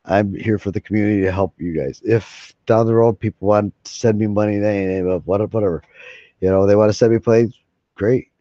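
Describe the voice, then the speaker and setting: A man chats to his viewers in a rambling, folksy way, swearing as he goes. His voice sits low and warm. The sound is dry and a little dull, from a lo-fi mic. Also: fairly even intonation, moderate pace, dry recording. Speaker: live streamer. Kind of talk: casual chat to viewers.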